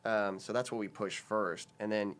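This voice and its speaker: A man with a fairly low voice talks casually as a podcast guest. He rambles through his stories, restarting sentences and piling up fillers. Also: steady tone, moderate pace, fairly bright tone, clear, resonant tone. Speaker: sketch comedian guest.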